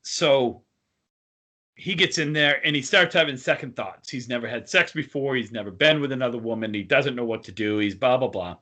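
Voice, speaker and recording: A man's voice: medium pitch, normal speed, bright, forceful tone. A man co-hosting a podcast, telling crude jokes in casual banter. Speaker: podcast co-host. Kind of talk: casual chat.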